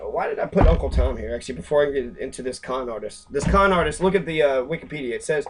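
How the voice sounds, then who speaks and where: A man with a voice sitting a little high for his sex reads a book passage aloud in a plain way. He keeps breaking off into casual, cursing commentary full of fillers and restarts. Now and then he briefly acts out the people he quotes. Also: slight background noise. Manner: rambling, profane, with many fillers.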